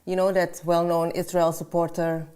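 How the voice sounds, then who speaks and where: Woman co-host, lowish voice, chatty, reads out comments from viewers. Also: flat delivery, moderate pace, dark tone, smooth. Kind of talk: political talk show.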